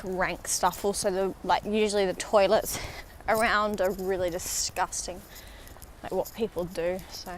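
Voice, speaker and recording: Walking outdoors along a city river, a young vlogger rambles casually into her handheld phone, occasionally whispering asides. She speaks in a mid-range voice over slight background noise.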